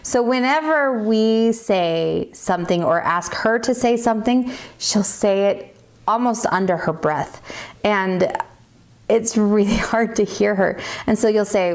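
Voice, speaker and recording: A woman's voice: mid-range voice, a little slow. A middle-aged woman from the United States, a metalsmithing teacher chatting casually with viewers while teaching, laughing often and sounding tired. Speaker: livestream host, metalsmithing teacher.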